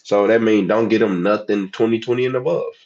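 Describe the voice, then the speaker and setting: A livestream host raised in the United States talks to his chat in a Southern US accent, casual, chatty and laid-back. His voice is lowish, fairly even and a little mellow, and he speaks fairly quickly. The recording sounds muffled.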